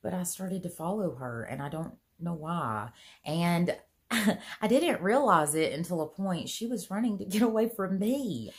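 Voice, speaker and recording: A woman with a slightly low voice tells a personal story to her vlog audience in an earnest, chatty way. She leans on "you know" and folksy turns of phrase, and her voice leaps upward whenever she gets worked up. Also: unhurried. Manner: chatty, earnest, pitch swings high when excited; many "you know" fillers, folksy grammar. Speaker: vlogger.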